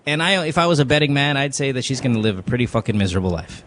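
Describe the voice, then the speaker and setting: A man's voice: medium pitch, expressive, rapid-fire, a bit bright. A man with a Filipino accent hosting an advice podcast, talking bluntly and with a lot of profanity, mixing English and Tagalog. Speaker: podcast host giving advice. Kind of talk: casual advice talk.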